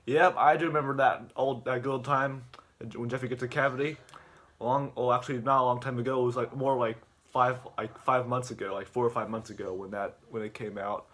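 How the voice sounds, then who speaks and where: A man's voice: mid-range voice, steady tone, fairly quick, fairly bright tone. A man recapping a video in a casual, rambling rant, with stammering restarts and filler words. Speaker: video host.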